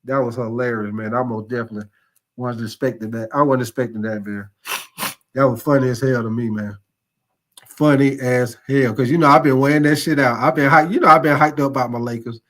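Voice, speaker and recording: A man's voice: medium pitch, steady tone, fairly quick, fairly bright tone. Laid-back man hosting a sports live stream. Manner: laid-back, laughs often, repeats "most definitely, man". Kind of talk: casual live-stream chat reading viewer comments.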